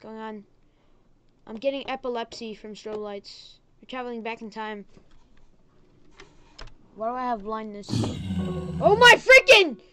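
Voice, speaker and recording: A woman's voice: on the high side, fairly even intonation, measured pace, pauses often, a little hiss or hum. A woman hosting her own gaming channel, giving goofy, chatty let's-play commentary at home that swings from muttered whispers to sudden squeals.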